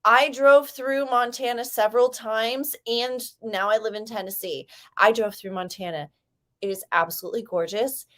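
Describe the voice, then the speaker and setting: A woman's voice: on the high side, steady tone, moderate pace, fairly bright tone. A young woman from San Diego chatting casually with live viewers during a writing sprint stream, rambling and reading out comments. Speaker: livestream host.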